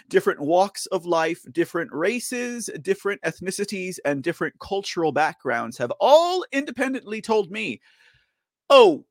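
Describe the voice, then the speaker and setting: Gravelly theatrical political show host. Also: male voice, on the high side, fairly bright tone, no echo. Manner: theatrical, repetitive, rallying. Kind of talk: casual political commentary.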